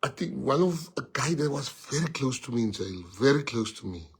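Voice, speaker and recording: A man with a South African accent telling a casual anecdote in an interview, talking in an animated way and switching between English and Afrikaans. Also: mid-range voice, fairly quick, slightly rough. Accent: South African, mixing in Afrikaans.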